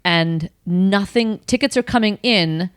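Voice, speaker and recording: A woman guest telling a story in casual chat, animated and swearing freely. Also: medium pitch, unhurried, smooth, no room sound, studio quality. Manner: animated, swears freely, acts out her own quoted outbursts. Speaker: podcast guest.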